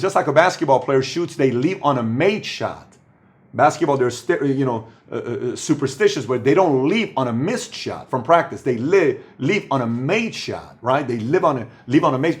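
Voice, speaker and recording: Man as host coaching entrepreneurs, emphatic, repeats himself, goes quiet and low for stories. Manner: emphatic, repeats phrases for stress. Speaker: host giving business advice. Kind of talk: motivational talk to camera.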